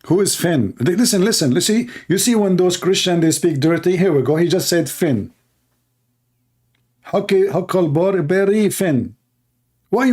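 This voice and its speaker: Hosting a show, a man with a high, darkish voice pokes fun at a video with sarcastic commentary. He speaks broken English and keeps repeating himself.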